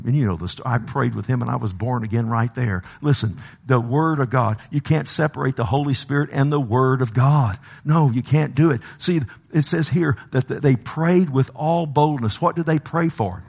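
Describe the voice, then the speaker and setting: Gravelly-voiced preacher man, impassioned. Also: normal speed, hardly any pauses. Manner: impassioned, swinging from loud exhortation to low emphasis, calls of "Amen?". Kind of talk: sermon.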